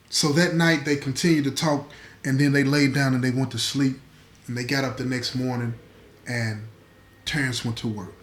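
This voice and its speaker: A man's voice: medium pitch, steady tone, moderate pace. A man narrating a dramatic true-life story in a conversational way, with asides to the listener. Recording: echoey room.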